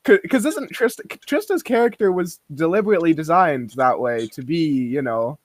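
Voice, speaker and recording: A man's voice: fairly high pitch, lively intonation, moderate pace, no room sound. A man co-hosting a podcast in casual chat, playful and rambling, laughing often. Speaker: podcast co-host.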